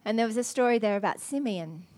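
A middle-aged woman with a high voice, preaching from the pulpit. She tells her story with lively, self-mocking animation. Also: quick pace. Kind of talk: storytelling sermon.

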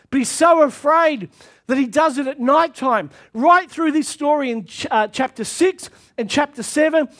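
A man preaching a sermon to his church, reading scripture and pushing into shouted calls to action. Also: very high-pitched. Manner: impassioned preaching that swells into shouted exhortations.

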